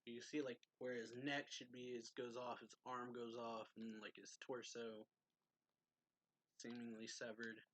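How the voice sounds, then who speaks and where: A man casually talks through a manga chapter, rambling and clearing his throat now and then. His voice is bright and forward, his pace slow. The sound is dry and close to the mic. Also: mid-range voice, little pitch movement, dry recording. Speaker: manga reviewer. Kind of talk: casual manga read-along review.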